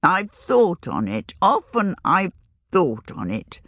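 A woman voicing a shrewd, earthy old village witch who talks in a rustic, old-fashioned country way, her pitch raised and wavering. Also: very animated, takes it slowly, a bit bright, no room sound, exaggerated voice. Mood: confiding. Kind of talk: audiobook reading.

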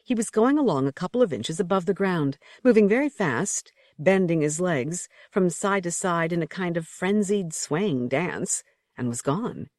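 A woman with a fairly low, slightly mellow voice narrates an audiobook story, her intonation lively and her speed normal. The storytelling is vivid and rhythmic, a piece of expressive scripted narration. The studio sound is clean with no echo.

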